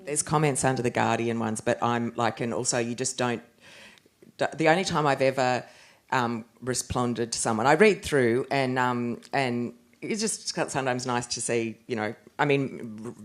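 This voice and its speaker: An Australian woman cartoonist telling stories on a discussion panel, rambling and animated with many restarts. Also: extremely low pitch.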